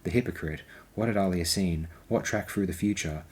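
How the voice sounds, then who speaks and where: A bitter woman grumbling under her breath in a crowd, read by a man. Low and husky. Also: a little fast, a little mellow. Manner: muttering, contemptuous.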